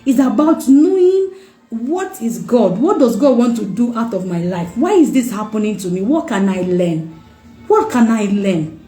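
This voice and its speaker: Woman, fairly high voice, heartfelt personal testimony, repeats lines for emphasis, echoey room. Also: expressive, unhurried, mellow, faint music behind. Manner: emotional, repeats phrases for emphasis. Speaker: mother sharing her testimony.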